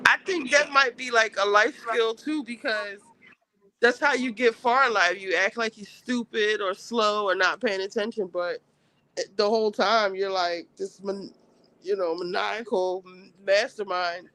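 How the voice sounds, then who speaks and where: Blunt, bright-voiced woman gossiping. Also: medium pitch, measured pace. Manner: blunt, swears, animated retelling. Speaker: panelist. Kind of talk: casual gossip chat. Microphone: remote call.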